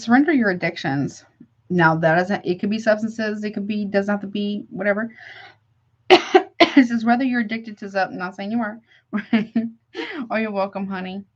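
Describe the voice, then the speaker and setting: A woman's voice: medium pitch, muffled recording. A woman doing a live tarot reading for her chat viewers, chatty and affectionate, calling them honey between card draws. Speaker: tarot reader.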